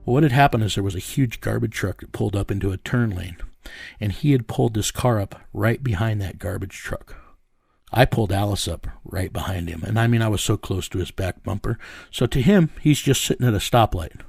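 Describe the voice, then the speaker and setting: A man's voice: fairly low pitch, brisk, vocal fry, a little mellow, slightly rough, no room sound, clean studio sound. A man bluntly telling his own story in a casual interview, often repeating words as he restarts. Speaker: bounty hunter guest telling his story.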